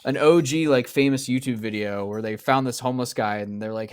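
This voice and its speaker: Young male co-host with a mid-pitched voice, easygoing and meandering, pauses to find the right word. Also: smooth, no room sound. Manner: meandering, searching for words mid-thought. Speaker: podcast co-host. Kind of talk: casual chat.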